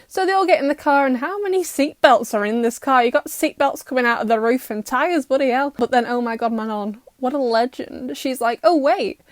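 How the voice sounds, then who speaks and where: A young woman recapping a cartoon episode in a sarcastic, exasperated roast, putting on quick mock voices for the characters. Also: high-pitched, no room sound, clean studio sound. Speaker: YouTuber reacting to a cartoon.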